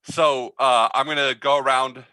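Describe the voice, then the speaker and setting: A man running an online tabletop game as game master, talking in a halting, friendly way full of fillers. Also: medium pitch, flat delivery, sharp tone, dry recording, rough recording.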